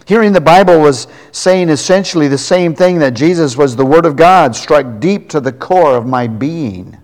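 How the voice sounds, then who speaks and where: A man preaching a sermon as a story, earnest, slowing down to stress key words. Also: on the high side, expressive. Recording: long reverb of a large hall.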